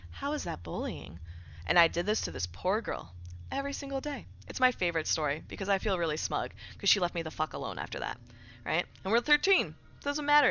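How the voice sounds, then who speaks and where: A woman's voice: mid-range voice, bright, forceful tone, highs cut off. A young woman streaming casually, chatting with her viewers, peppering her talk with "right?" and sarcastic asides. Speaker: streamer reading chat. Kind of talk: casual live-stream chat.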